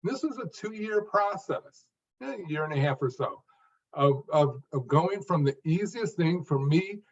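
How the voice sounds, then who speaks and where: A man answering interview questions in a measured, earnest way, speaking phrase by phrase with pauses. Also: on the high side, animated. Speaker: guest, stuttering coach. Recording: distant, dull lo-fi audio.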